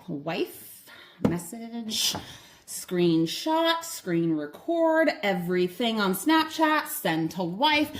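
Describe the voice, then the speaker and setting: A middle-aged woman co-hosting a podcast, telling a story in an animated, blunt way and swearing freely. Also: mid-range voice, slow. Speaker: podcast co-host. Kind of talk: casual chat.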